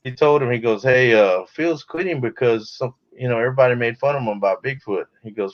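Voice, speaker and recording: A man's voice: mid-range voice, a little fast, few pauses. Laid-back man telling a story. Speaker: guest. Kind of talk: casual storytelling chat. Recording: dull lo-fi call audio.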